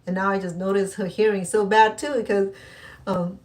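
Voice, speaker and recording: A middle-aged woman speaks a little away from the microphone, so her voice sounds slightly distant. Her talk is loose and rambling, full of restarts and fillers, in an even, mid-pitched voice. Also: moderate pace. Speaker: cooking channel host. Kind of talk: casual personal talk to camera.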